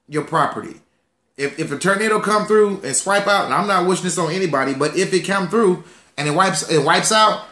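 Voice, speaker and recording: Guy streaming money tips off his phone, preachy call and response, bright voice, echoey room. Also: a little high. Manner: preacherly call-and-response, repeats key phrases. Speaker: financial coach. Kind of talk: live-streamed money talk. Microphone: phone livestream.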